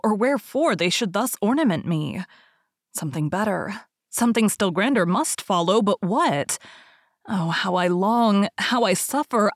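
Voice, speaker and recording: A woman's voice: medium pitch, dry recording, studio quality, close to an everyday voice. A woman voicing a young fir tree in a storybook reading, restless and full of yearning. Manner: yearning, wistful.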